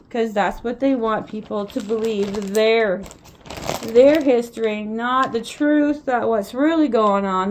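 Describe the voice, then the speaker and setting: Impassioned, rambling woman with a higher voice. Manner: rambling and impassioned, repeats words. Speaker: vlogger and mother. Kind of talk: casual vlog monologue.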